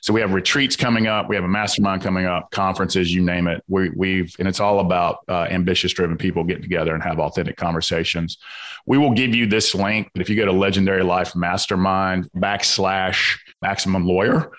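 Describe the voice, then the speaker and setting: A man's voice: deep voice, fairly even intonation, fairly quick, fairly bright tone. A man with a Southern accent, a guest author talking in an earnest, motivational way on a podcast. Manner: earnest, motivational, laughs easily. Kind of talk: casual podcast chat.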